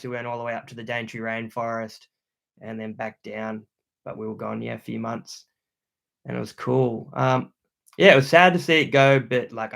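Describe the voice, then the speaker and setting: Loud, chatty Australian man, gravelly. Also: medium pitch. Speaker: YouTuber hosting a livestream. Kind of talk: casual livestream chat reading comments.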